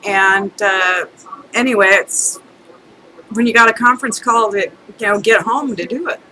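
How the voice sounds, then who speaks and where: A woman's voice: medium pitch, moderate pace, bright, forceful tone, a little hiss or hum, poor audio. A middle-aged woman telling a rambling, chatty story in a casual rant, breaking into laughter now and then. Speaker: vlogger.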